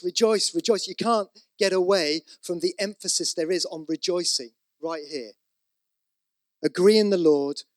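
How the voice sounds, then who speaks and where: A man's voice: on the high side, fairly bright tone, no echo. A man preaching a sermon, conversational with asides, rising to emphatic repeated exhortations. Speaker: pastor.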